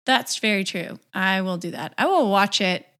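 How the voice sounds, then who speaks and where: A woman's voice: mid-range voice, normal speed, a bit bright. A woman co-hosting a casual music chat, easygoing and self-deprecating, often laughing. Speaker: podcast co-host.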